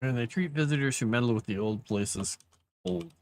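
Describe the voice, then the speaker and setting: A man's voice: medium pitch, expressive, brisk, gravelly, slight background noise. A man casually chatting on a live writing stream, trailing off mid-sentence as he works. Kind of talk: casual chat while writing.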